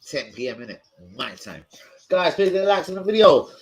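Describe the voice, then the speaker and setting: A young man hosting a live football watch-along, excitable, swearing and shouting out his viewers by name. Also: fairly high pitch, normal speed, poor audio. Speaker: football fan channel host.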